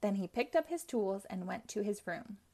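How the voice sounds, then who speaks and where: A woman hosting a read-aloud show, narrating a children's chapter book in a clear, even way. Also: mid-range voice, normal speed. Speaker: host.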